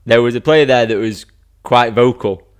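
A man's voice: medium pitch, moderate pace, clear, resonant tone. A man co-hosting a casual golf chat, teasing his co-host and reading out stats. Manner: teasing, reads stats aloud, laughs often. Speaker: podcast co-host.

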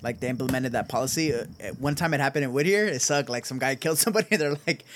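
A man's voice: medium pitch, racing, few pauses, fairly bright tone, no room sound. A young man co-hosting a podcast, chatting casually, laughing often and swearing freely. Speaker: podcast co-host. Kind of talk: casual chat.

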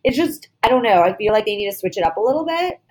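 A woman's voice: mid-range voice, expressive, quick pace, darkish tone. A woman co-hosting a podcast in casual chat, sarcastic and blunt, swearing freely. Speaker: podcast co-host.

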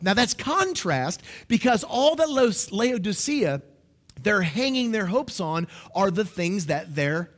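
A man preaching a sermon, teaching emphatically and checking in with his listeners. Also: high-pitched.

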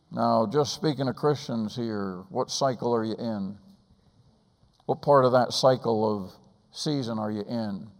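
Male preacher, mid-pitched, pleading and urgent, with a long hall echo. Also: a little slow. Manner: urgent, pleading, rhetorical questions. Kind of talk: sermon.

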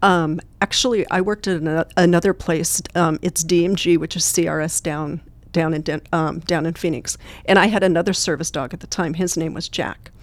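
A woman's voice: fairly low pitch, steady tone, moderate pace, few pauses, no room sound. A woman guest who trains therapy dogs, telling earnest, plain-spoken stories in an interview. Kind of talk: storytelling interview answers.

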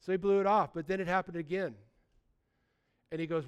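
Man, pastor, sermon, high voice, smooth clear tone, animated conversational delivery. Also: quick pace. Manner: animated, conversational preaching with repeated restarts.

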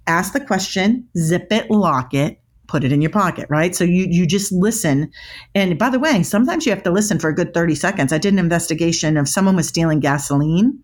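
A woman's voice: on the low side, expressive, fairly quick. A middle-aged woman, a body language expert, telling stories emphatically in an interview and often restarting her words. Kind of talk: animated interview storytelling.

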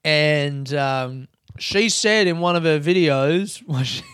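A man in casual podcast chat, swearing freely and growing animated as he tells his stories. His voice sits a little high for a man and comes through smooth and clear, with a dry, close sound. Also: slow, no room sound. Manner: sweary, animated, laughs often at himself. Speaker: podcast host.

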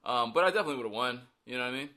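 A man's voice: mid-range voice, animated, rapid-fire, sharp tone. A man who is an actor, chatting casually and jokingly about a film role in an interview. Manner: rambling, joking, self-deprecating. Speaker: actor guest.

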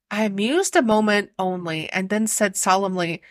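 A woman narrating an old ghost story in an expressive, animated storybook reading. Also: mid-range voice, moderate pace, few pauses, no echo. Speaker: audiobook narrator.

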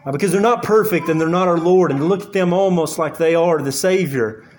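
A man preaching a sermon, earnest and halting, with frequent fillers and repeated words as he works through the scripture. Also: fairly high pitch, a little mellow, slight background noise. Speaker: pastor.

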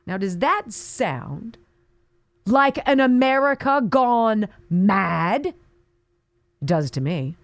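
A woman's voice: medium pitch, animated, slow pace, long pauses, no room sound. A woman hosting a talk radio show, delivering an indignant, sarcastic monologue with mocking asides.

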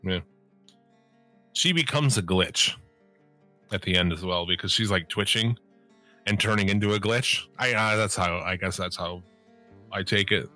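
Bright-voiced man swearing casually. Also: deep voice, a little slow, long pauses, no room sound, soft background music. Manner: loose, laughing, swears a lot. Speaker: podcast co-host reviewing horror shorts. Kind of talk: casual profane chat.

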